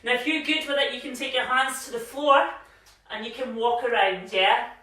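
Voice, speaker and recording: A woman's voice: fairly high pitch, normal speed, pushed and bright. A woman fitness instructor leading a live workout class at home, chatty and encouraging, a little out of breath as she exercises along. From Scotland. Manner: encouraging, chatty, cues movements with frequent "yeah?". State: slightly out of breath while exercising. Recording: very echoey room, voice from a distance.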